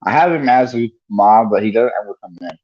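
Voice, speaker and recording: A man's voice: fairly low pitch, a little fast, highs cut off. Man reading aloud on a livestream. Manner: casual, chats with stream viewers between passages. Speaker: streamer reading a book aloud.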